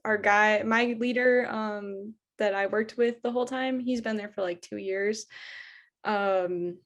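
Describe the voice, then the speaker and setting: A young woman with a Michigan accent, talking casually in an interview. She fills her speech with "like" and "um" and keeps a middle pitch throughout. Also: fairly even intonation, unhurried. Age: young adult. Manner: chatty, heavy use of "like" and "um". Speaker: interviewee, former door-to-door sales trainer.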